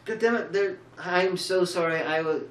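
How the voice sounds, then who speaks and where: A woman's voice: fairly low pitch, moderate pace. A woman co-hosting a casual film review, tired and rambling through sarcastic, jokey riffs with plenty of restarts. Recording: roomy, distant mic.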